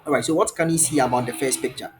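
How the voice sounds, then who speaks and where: A man's voice: medium pitch, very fast, a little hiss or hum. A man teaching an online English trial lesson over a video call, encouraging and asking many questions, often repeating his phrases. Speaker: English tutor.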